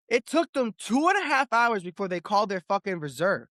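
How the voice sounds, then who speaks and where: A man hosting a casual sports podcast, telling stories in an animated way, swearing freely and repeating words. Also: sits high, fairly quick, no echo, studio quality. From Boston area. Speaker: podcast host.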